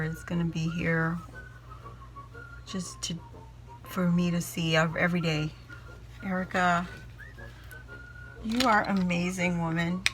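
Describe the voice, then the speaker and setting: A woman with a bright, forceful voice gushes over a package she is unboxing, talking straight to her viewers. She exclaims again and again in delight as she goes. Faint music plays softly behind her. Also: mid-range voice, rough recording. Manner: gushing, excitable, repeats "oh my gosh". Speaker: craft vlogger opening a gift package. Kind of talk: casual unboxing chat to camera.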